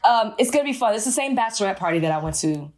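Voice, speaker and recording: A woman's voice: medium pitch, lively intonation, very fast, a little mellow. A chatty woman in her thirties co-hosting a casual podcast. She talks in an easygoing, conversational way, drifts into personal stories and laughs readily. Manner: chatty, laughs easily, storytelling. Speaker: podcast co-host. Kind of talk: casual chat.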